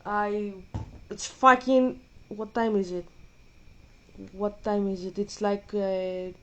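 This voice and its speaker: A woman's voice: mid-range voice, fairly even intonation, slow pace, a bit bright. A woman vlogger ranting in casual commentary while gaming, blunt and profane, a bit out of breath.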